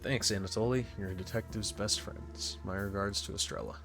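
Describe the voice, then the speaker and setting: A man voicing a wry raccoon private eye with deadpan questions, reading game dialogue aloud. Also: fairly low pitch, a little fast, gravelly, soft background music. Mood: dry.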